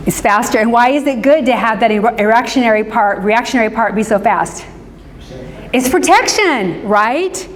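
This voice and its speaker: A Midwestern woman, a counselor who speaks on forgiveness, gives a conversational, interactive lecture to a live audience, often checking in with "right?". Her voice is a little high and animated, with a measured pace. A hall's long reverb hangs on the recording.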